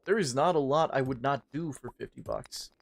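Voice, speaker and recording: A man's voice: medium pitch, moderate pace, gravelly, soft background music. A man chatting casually on a livestream, swearing a lot and rambling in a joking way. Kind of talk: casual stream chat.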